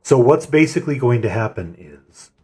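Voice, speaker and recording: A man on voice chat leading a game raid, calmly explaining a plan and handing out tasks. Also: mid-range voice, moderate pace, slightly rough. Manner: calm, methodical, assigns tasks. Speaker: raid leader and streamer. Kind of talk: voice chat while gaming.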